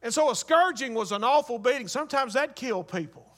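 A man's voice: extremely high pitch, expressive, quick pace, fairly bright tone. A man preaching a sermon, vivid and graphic, building intensity with repeated rhetorical questions.

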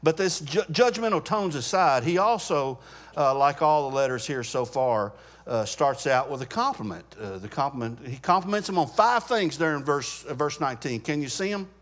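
A man's voice: fairly high pitch, expressive, normal speed. A man teaching a Bible study class in a conversational way, stopping to ask the group questions and often restarting his sentences.

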